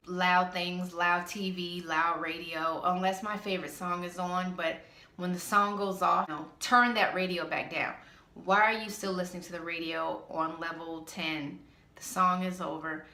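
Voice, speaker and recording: A woman's voice: on the low side, fairly even intonation, unhurried, pushed and bright, reverberant. A woman vlogger ranting in a casual monologue, blunt, sassy and exasperated.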